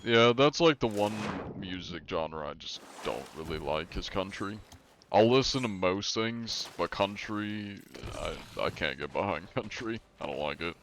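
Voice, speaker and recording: Young male game streamer, low gravelly voice, laid-back chat-reading, faint background hum. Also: expressive, unhurried. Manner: laid-back, reads chat aloud, laughs often. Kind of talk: casual live-stream chat.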